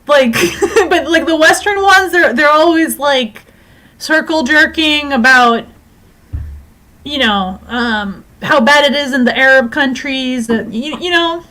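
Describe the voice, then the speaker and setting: A woman's voice: sits high, takes it slowly, bright, forceful tone. A woman co-hosting a podcast in casual chat, rambling with many fillers and laughing often. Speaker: podcast co-host.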